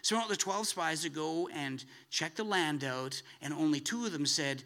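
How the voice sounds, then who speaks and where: Bright, lively male preacher. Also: fairly high pitch, normal speed. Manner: animated, rising to excited emphasis. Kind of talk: sermon.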